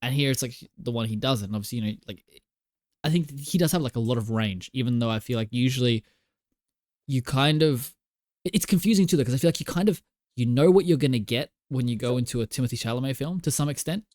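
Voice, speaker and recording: A man's voice: medium pitch, fast, darkish tone, dry recording, clean studio sound. A man co-hosting a podcast, chatting casually about a film in a rambling way, full of "like" and "you know". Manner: rambling, filler-heavy, lots of "like" and "you know". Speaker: podcast co-host.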